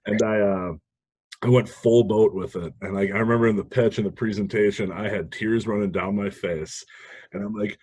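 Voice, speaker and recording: A man with a low, husky voice tells stories in a casual interview, animated and laughing often between lines. He is from Minnesota. The sound is close and dry. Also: moderate pace, no room sound. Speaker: podcast guest, sales manager.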